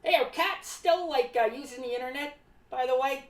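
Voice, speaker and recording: On a live stream, a woman plays a cat-paranoid, eccentric clown who rambles and talks about himself in the third person. Her high-pitched voice is lightly acted, delivered at a normal speed, and recorded from a distance in an echoey space.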